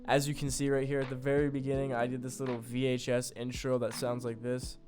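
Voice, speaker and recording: Over loud music, a young man in a mid-range voice talks a little fast with completely flat delivery. He's a beat producer casually narrating how he made a beat, loose and full of fillers, poking fun at himself.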